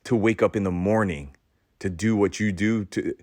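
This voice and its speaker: A man with a very deep, low voice delivers a preachy motivational monologue, leaning into a sermon-like rhythm. He repeats his key phrases and leaves long dramatic pauses, often restarting mid-sentence with a stammer. The sound is close and dry, with no room around it. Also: lively intonation, no room sound. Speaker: podcast host.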